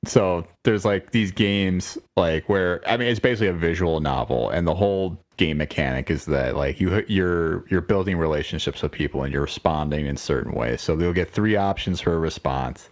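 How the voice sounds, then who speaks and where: A man's voice: low-pitched, moderate pace, hardly any pauses. A man co-hosting a podcast in casual chat, rambling with many restarts and laughing often. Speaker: podcast co-host.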